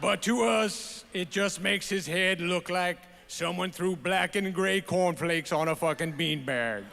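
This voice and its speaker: A man's voice: high-pitched, creaky, sharp tone, a little hiss or hum, exaggerated voice. A man putting on a goofy drawling Southern fellow. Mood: mocking. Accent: put-on Southern US. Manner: slow, drawn-out comic delivery. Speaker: award recipient. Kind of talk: comic speech reading. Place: awards ceremony stage. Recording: reverberant awards hall, faint ambience.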